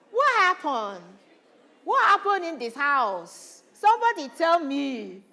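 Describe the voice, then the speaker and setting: A woman leading a drama workshop for students, coaxing the group with constant questions and urging them to be bold. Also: sits high. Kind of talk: energetic acting workshop coaching. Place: school hall or conference room.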